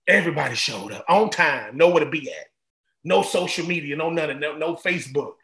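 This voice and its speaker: A man's voice: fairly high pitch, animated, fairly quick, bright, forceful tone, echoey room. A man, a former college football player, telling stories casually and animatedly, often repeating and restarting phrases. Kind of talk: casual storytelling.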